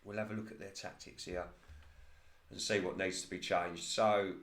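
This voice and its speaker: A man commentating casually over his own football management game in play-by-play style, getting excited at near misses and laughing at his own slips. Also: low voice, normal speed, echoey room.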